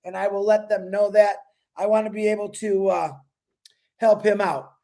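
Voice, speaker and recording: A man's voice: high-pitched, little pitch movement, moderate pace, vocal fry, mellow. A man hosting a livestream, talking in an earnest, rambling way and thanking viewers by name; he is emotional. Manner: earnest, religious. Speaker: livestream host.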